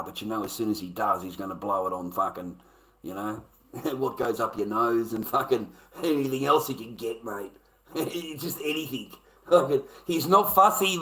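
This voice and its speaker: An Australian man on a livestream, talking in a blunt, profane, rambling way, lecturing and breaking into loud bursts. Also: on the low side, rough recording. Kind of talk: casual rambling livestream chat.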